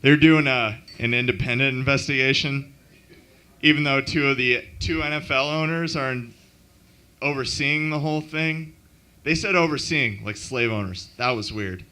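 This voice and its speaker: A man doing a deadpan, self-mocking stand-up comedy set at an open mic in a club. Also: mid-range voice, normal speed.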